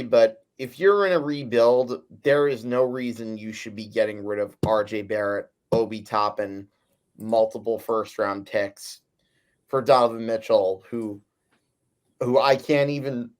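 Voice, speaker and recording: A man co-hosting a sports podcast, giving measured opinions in a slightly tired way. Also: mid-range voice. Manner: measured, a little tired, yawning. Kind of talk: sports talk debate.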